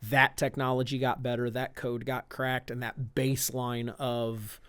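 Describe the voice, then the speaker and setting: A man from Indiana, a guest on a podcast, explaining his point through quick hypothetical examples. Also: mid-range voice, flat delivery, fairly bright tone, clean tone, dry recording. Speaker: optics company guest. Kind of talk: podcast conversation.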